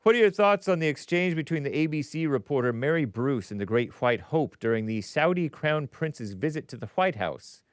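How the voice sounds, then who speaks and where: A man's voice: fairly high pitch, expressive, normal speed, few pauses, no room sound. A man hosting a casual livestream show, reading viewer messages aloud and answering them in a chatty way, laughing often and muttering asides under his breath.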